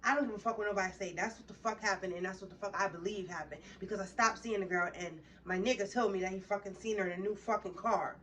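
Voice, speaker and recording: A woman's voice: mid-range voice, fast talker, few pauses, fairly bright tone, recorded from a distance, a little hiss or hum. A woman vlogger telling a heated, profane story straight to her viewers in a casual storytime.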